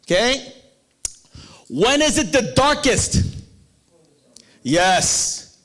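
A man preaching a sermon in a playful, animated way, acting out the people in the story and laughing often. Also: very high-pitched, a little slow, pauses often.

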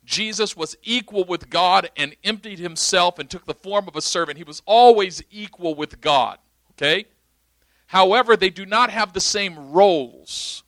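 Man, young, pastor, emphatic sermon teaching, fairly high pitch, bright tone. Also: moderate pace, no room sound. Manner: emphatic, explanatory, checks understanding.

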